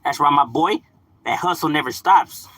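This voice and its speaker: A young man from Southern California chatting casually on a live stream, relaxed, swearing and laughing often. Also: fairly high pitch, normal speed, breathy edge, dry recording. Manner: laid-back, laughs often, drops swear words and slang. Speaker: livestream gaming host.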